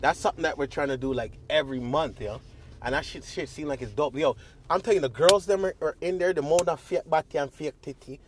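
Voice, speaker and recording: A man's voice: a little high, quick pace, slight background noise. A young man hosting his own podcast in a casual solo monologue, rambling and swearing freely, with many fillers and restarts. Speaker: podcast host.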